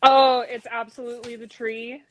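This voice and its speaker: A woman's voice: on the high side, flat delivery, moderate pace, a bit bright, slight background noise. A woman calling in to a talk show, chatting casually in a matter-of-fact, precise way. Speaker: caller. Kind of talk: casual chat.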